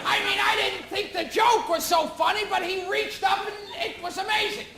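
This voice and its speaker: A man performing a stand-up comedy routine in a shrill, shouting delivery. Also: steady tone, normal speed, creaky, a crowd in the background. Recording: echoey live room with audience laughter.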